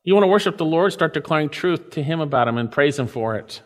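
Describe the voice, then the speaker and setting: A man preaching a sermon, reading scripture aloud and explaining it with lively emphasis. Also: quick pace. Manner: lively, rises in pitch for emphasis. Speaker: pastor. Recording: reverberant hall.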